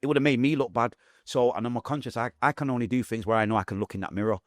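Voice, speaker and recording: A young adult man with a Manchester accent, telling his own story as a podcast guest, fast and vivid, acting out what people said. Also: medium pitch, steady tone, no echo, clean studio sound. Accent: Mancunian English. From Manchester, England.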